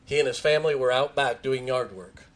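Older preacher guy, folksy storytelling, medium pitch. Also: fairly quick. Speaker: pastor. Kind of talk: sermon.

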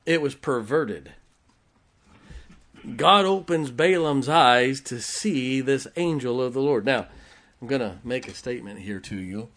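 A man's voice: medium pitch, normal speed, a bit bright. A man preaching a sermon, retelling a Bible story in a folksy way and chuckling often as he goes.

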